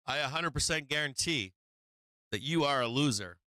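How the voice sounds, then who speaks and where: A man with an expressive mid-range voice and a sharp tone speaks at a moderate pace, with no echo. On his live stock market stream he coaches and taunts viewers directly, his casual trading talk brash, profane, and rambling, peppered with "right?" and frequent restarts.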